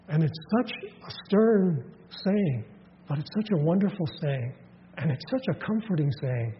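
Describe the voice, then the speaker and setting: A man with a fairly high voice preaching a sermon in a church hall, telling scenes with lively voiced asides and frequent restarts. The sound is dull and lo-fi, with a long reverb trailing each phrase and a faint hiss underneath. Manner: animated retelling with quick voiced asides and many restarts. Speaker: pastor.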